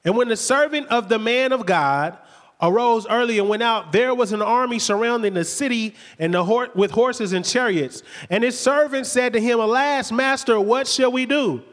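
A man preaching a sermon, retelling the story lively and conversationally with rhetorical questions. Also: very high-pitched, moderate pace. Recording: long hall reverb.

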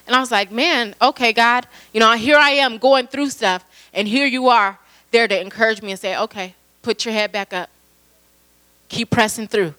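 A woman's voice: a little high, moderate pace, pushed and bright, low-quality recording. A young adult woman preaching a sermon in an earnest way, often repeating herself and using fillers.

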